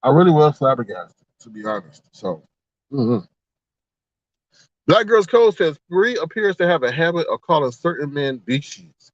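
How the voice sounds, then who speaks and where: A man with a fairly high voice hosts a casual livestream and gossips to his chat about online drama. He acts out the exchanges he quotes in an animated way. The audio is dull and lo-fi, with a dry, close sound. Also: a little slow, no room sound. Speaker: livestream host.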